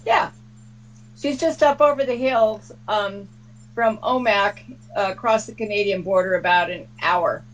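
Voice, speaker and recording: A woman's voice: mid-range voice, measured pace, slight background noise, poor audio. A woman on a livestream, casually reading out viewer comments and teasing the others. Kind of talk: casual group chat on a livestream.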